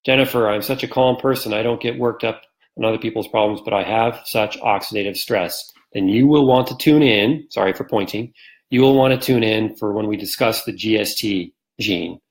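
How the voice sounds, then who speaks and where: A man's voice: fairly low pitch, normal speed, poor audio. A man hosting a live stream, chatting casually and answering viewer comments, rambling with many ums and restarts and acting out quotes in a livelier voice.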